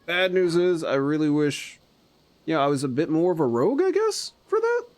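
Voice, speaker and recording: Excitable man streaming a game. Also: fairly high pitch, moderate pace. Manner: chatty and excitable, jumping between mutters and gleeful outbursts. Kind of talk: casual gameplay commentary.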